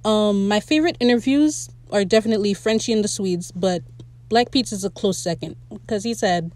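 A young woman hosting a casual solo podcast, chatty and excitable as she recaps a show. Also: medium pitch, moderate pace, no room sound. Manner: chatty, excitable, quotes characters in playful voices. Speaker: podcast host.

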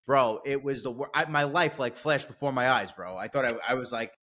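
A man in casual chat, telling profane, animated stories about work accidents. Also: mid-range voice, brisk.

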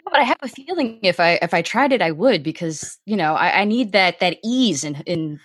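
A woman from Miami chats as a podcast guest, her husky voice swinging lively up and down. She is wry and halting, often restarting a phrase, and the sound is dry and close. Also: fairly low pitch, no echo. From Miami, Florida. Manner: hesitant restarts, wry and laughing. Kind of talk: casual podcast chat.

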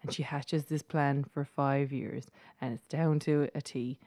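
A woman's voice: a bass voice, fairly even intonation, a little slow, dark tone, no room sound. An Irish woman co-hosting a casual chat, reviewing a film with chatty, sarcastic asides. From Ireland. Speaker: co-host.

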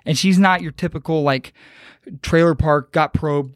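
A man with a slightly high voice telling a story on a casual podcast. His delivery is loose and profane, and he jokes as he goes. The recording sounds dry and close, with no room echo. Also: moderate pace. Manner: loose, profane, joking retelling. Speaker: podcast host.

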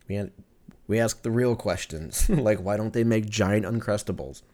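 A man's voice: lowish voice, moderate pace. A young man hosting a podcast, ranting casually with profanity, jokes and frequent laughter. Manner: profane, joking, animated, laughs often. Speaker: podcast host. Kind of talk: casual solo podcast rant.

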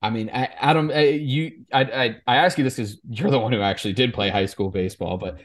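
A man co-hosting a high school sports podcast, chatting casually and often restarting his sentences. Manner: halting, with many restarts and repeated words.

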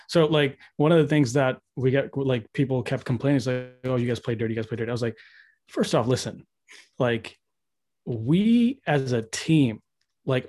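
A man's voice: medium pitch, a little mellow. A man hosting a podcast among friends, talking loosely with lots of fillers and teasing the others. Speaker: podcast host. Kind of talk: casual chat.

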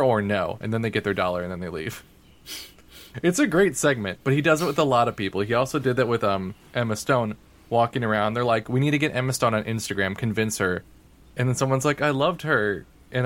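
A man's voice: medium pitch, fast talker, fairly bright tone. A man co-hosting a podcast, chatting casually and rambling, with lots of "like" fillers. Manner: rambling, heavy use of "like". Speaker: podcast co-host. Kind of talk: casual chat. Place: home, talking over Discord.

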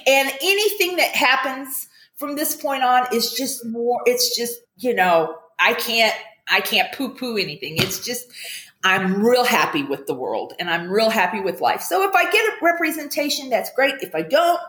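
An older woman chatting upbeat on a video call, telling stories with animated quotes. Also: on the high side, normal speed, reverberant. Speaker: guest, commercial actress. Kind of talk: casual chat on a video call.

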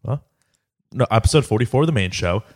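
A man's voice: medium pitch, expressive, a little fast. A man co-hosting a podcast, chatting casually in a teasing, sarcastic way. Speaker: podcast co-host. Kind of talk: casual chat.

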